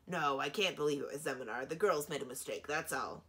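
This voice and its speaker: A woman's voice: low-pitched, brisk, fairly bright tone. A woman doing a scoffing male dragon. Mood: scornful. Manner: snorting, scornful.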